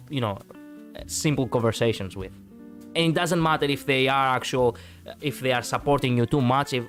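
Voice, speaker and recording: Speaking in a mid-range voice, a man from Greece chats casually with his live-stream viewers in a Greek accent. His talk rambles, full of fillers and restarts, and he laughs readily.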